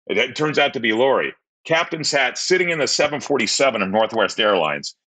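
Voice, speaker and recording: A man's voice: medium pitch, expressive, a little fast, bright, forceful tone. A man in his fifties, a podcast guest, telling his life story candidly in a rambling way, repeating words and livening up when he retells conversations.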